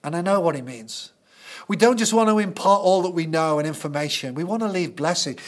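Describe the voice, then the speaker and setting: Brief: male preacher, high-pitched for a man, earnest storytelling sermon. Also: expressive, a little fast.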